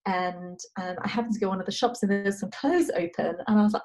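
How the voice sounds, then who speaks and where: A woman in her thirties, a guest in a casual interview, talking gently about parenting and pausing often as she tells a story. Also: medium pitch, poor audio. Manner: gentle storytelling with frequent pauses.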